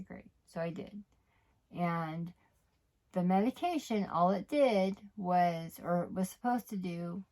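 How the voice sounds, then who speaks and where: A woman's voice: on the low side, gravelly, dark tone. A woman candidly telling her own story to camera, rambling and correcting herself, often dropping to a near whisper. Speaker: vlogger sharing her recovery story.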